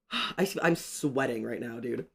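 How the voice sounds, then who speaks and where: A young man chatting excitedly on a livestream while drawing, ranting and greeting his chat. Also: mid-range voice, slow, creaky.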